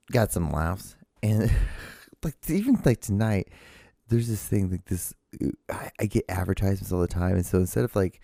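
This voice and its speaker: A man with a low, gravelly voice hosts his own show and rambles through a casual solo monologue, cursing freely and restarting sentences often. His tone is dark and mellow, recorded dry and close with no room sound. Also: no room sound. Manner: rambling, profane, many restarts. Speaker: podcast host.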